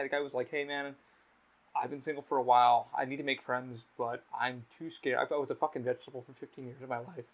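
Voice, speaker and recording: A man hosting a casual podcast, telling stories in a blunt, animated way with a lot of swearing. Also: medium pitch. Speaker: podcast host. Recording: slightly dull lo-fi audio.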